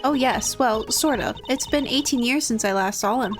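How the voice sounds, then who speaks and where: A woman's voice: a little high, normal speed, over music, close to an everyday voice. A woman voicing a sweet, chatty older female pharmacist with a put-on British accent, calling everyone dear. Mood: cooing. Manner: cooing, calls everyone dear. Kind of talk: reading game dialogue aloud.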